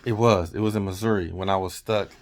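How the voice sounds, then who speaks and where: A man with a very deep, low voice, talking like a truck driver in a relaxed vlog. He wanders through his story and keeps backing up to correct himself. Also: quick pace. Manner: rambling, chatty, corrects himself often.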